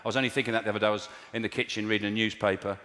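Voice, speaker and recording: Racing through his set with a flat delivery, this fairly low-voiced English comic plays a large theatre for a live crowd. His wry, exasperated humour breaks into mock outrage. The stage mic captures an echoey hall and loud audience laughter.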